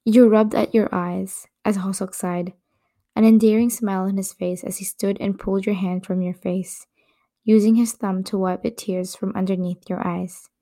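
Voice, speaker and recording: A woman hosting a podcast, reading romantic fan fiction aloud in a soft storytelling voice that slips into a whisper. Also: medium pitch, steady tone, moderate pace. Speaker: podcast host.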